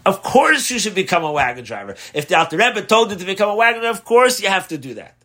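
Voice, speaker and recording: A fervent, devout young wife speaks in a raised, higher voice, sure of every word, as a male storyteller puts her on. She sounds insistent and certain, urging with fervor. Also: animated, measured pace, fairly bright tone.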